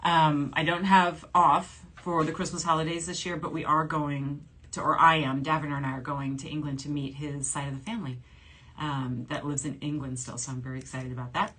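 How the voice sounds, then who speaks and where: A woman's voice: low voice, flat delivery, a little fast, fairly bright tone, a little hiss or hum. A woman in her forties from New Orleans, a shopping channel host chatting casually on a livestream, reading viewer comments aloud and laughing often. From New Orleans, USA. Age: 40s.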